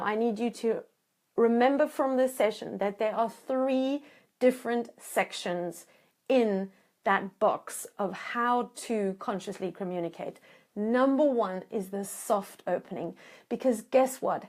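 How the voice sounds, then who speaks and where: A woman relationship coach teaching in an animated, emphatic way, acting out bits of dialogue as she explains. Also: medium pitch. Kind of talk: teaching talk to camera.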